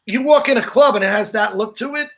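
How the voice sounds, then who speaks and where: High-pitched comic guy hosting, earnest, keeps agreeing then making his point. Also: fast, vocal fry. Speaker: comedian, podcast co-host. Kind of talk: casual chat.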